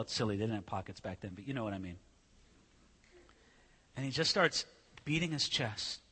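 A man's voice: on the high side, pushed and bright, slightly rough. A man preaching a sermon in a conversational way, with rhetorical questions and acted-out scripture. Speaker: pastor. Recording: reverberant church hall.

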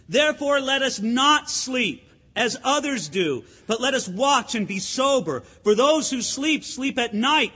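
A man preaching a sermon as pastor, conversational and animated, with asides to the congregation. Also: extremely high pitch, slightly rough, in a large hall.

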